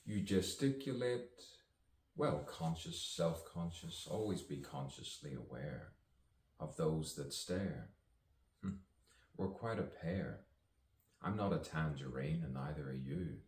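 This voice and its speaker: A very deep, darkish voice takes its time, with lively intonation, as this actor and poet improvises spoken-word poetry. He's musing and playful, with chuckles between lines, captured from a distance in a roomy space.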